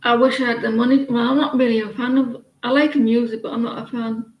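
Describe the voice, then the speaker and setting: A woman's voice: a little high, fairly even intonation, fairly quick, echoey room, lo-fi sound. A British woman doing tarot readings and chatting in a rambling, gossipy way with lots of hesitations. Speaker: tarot reader. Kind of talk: casual live-stream chat.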